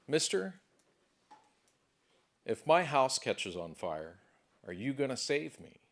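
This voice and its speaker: Emphatic man giving a motivational talk. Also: on the low side. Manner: emphatic, repetitive, building intensity. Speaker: motivational speaker. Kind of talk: motivational stage speech. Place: conference hall.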